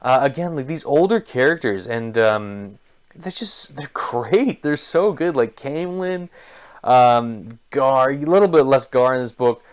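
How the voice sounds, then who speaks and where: Gushing man with a smooth voice. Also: medium pitch, lively intonation, measured pace. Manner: enthusiastic, gushing, heavy use of filler words. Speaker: book reviewer. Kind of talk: casual spoken book review.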